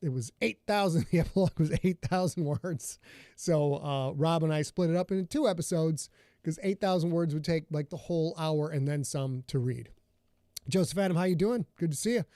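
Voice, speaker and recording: A man's voice: on the high side, brisk, warm tone, no echo. A man hosting a casual livestream from his home studio, chatting loosely and greeting viewers by name. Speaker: podcast host and author.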